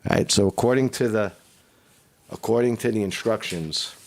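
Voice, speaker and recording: A man with a fairly low voice and a rough, flu-sick throat, talking casually to his viewers. He rambles, swears freely and keeps asking "right?". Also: moderate pace. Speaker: vlogger. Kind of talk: casual live-stream monologue.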